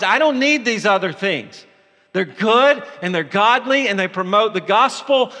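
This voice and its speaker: A man preaching a sermon, moving between impassioned exhortation and quieter personal storytelling. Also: high-pitched, big-room sound. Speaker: pastor.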